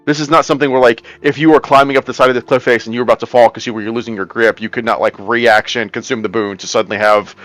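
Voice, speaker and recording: A man's voice: mid-range voice, steady tone, very fast, hardly any pauses, fairly bright tone, no echo, soft background music. A man playing a tabletop game, methodically thinking aloud as he checks how the rules work. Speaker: player. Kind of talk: casual chat at a tabletop game.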